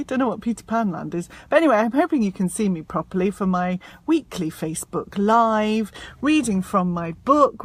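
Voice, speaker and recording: A woman's voice: medium pitch, dry recording. A woman chatting casually on a live stream from inside her parked car, bubbly and self-mocking, into a propped-up phone. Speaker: self-help author and happiness coach. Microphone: phone propped up in front of her.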